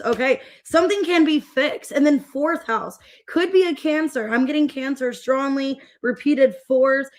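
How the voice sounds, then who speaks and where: A young woman giving a casual, rambling tarot reading and greeting viewers by name as she goes. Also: sits high. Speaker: tarot reader.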